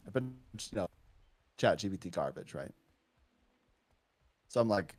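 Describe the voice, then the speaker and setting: A man's voice: medium pitch, normal speed, long pauses. A man, a teacher, telling a story in casual chat, acting out both sides of the conversation. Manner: animated, acts out both sides of a dialogue. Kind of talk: casual storytelling on a live stream.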